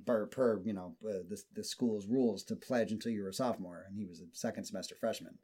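Profane, animated man telling a story. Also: lowish voice, fast talker. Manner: profane, animated storyteller who acts out quotes. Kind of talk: casual storytelling chat.

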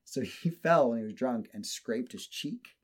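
A man in the middle of a loose, casual chat, telling a story with plenty of swearing. His voice sits at an ordinary middle pitch. He acts out the quoted lines as he goes. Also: a little slow, breathy edge. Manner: profane, animated storyteller who acts out quotes.

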